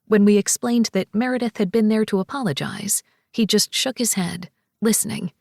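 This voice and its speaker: A woman narrating an audiobook romance in the first person, expressive and voicing each character. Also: medium pitch, moderate pace, creaky, no echo, clean studio sound.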